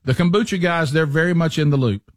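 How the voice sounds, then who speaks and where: A middle-aged man, a podcast co-host telling a rambling, animated story in casual chat. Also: on the high side, quick pace, dry recording, studio quality. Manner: rambling, animated anecdotes with restarts.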